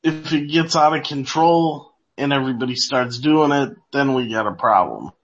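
A man's voice: mid-range voice, normal speed, a bit bright. A man co-hosting a casual wrestling chat, laid-back and drowsy, laughing easily. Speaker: podcast co-host. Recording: dull lo-fi audio.

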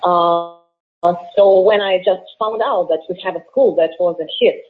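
A woman in her late twenties from Russia with a Russian accent, a wrestler answering interview questions earnestly with halting fillers, heard over a tinny phone line. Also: lowish voice. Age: late 20s. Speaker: professional wrestler guest.

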